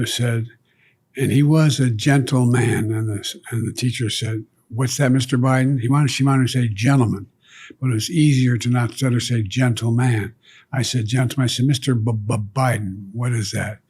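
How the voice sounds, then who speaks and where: Older man, husky voice, middle pitch, relaxed storytelling, often dropping to a murmur. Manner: reflective anecdotes, trailing to a low murmur. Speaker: guest. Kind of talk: storytelling in conversation.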